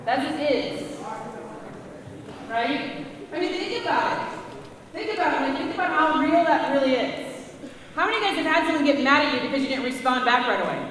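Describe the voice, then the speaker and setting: High-voiced woman presenting in an echoey hall. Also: distant mic. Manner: casual, direct, audience questions. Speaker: school presenter. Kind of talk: motivational talk to students.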